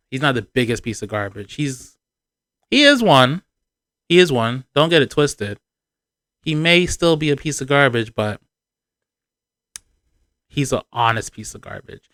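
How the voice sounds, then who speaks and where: A man giving sarcastic, animated commentary on a reality TV show in a casual vlog, with punchy emphasis on his points. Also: fairly high pitch, dry recording, studio quality.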